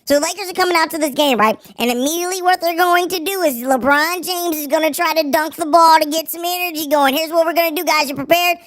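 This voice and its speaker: A man voicing a scheming male basketball coach through a pitched-up voice changer, rambling through a game plan. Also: fast talker, hardly any pauses, fairly bright tone, no echo, studio quality. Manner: rambling, self-assured game-plan talk.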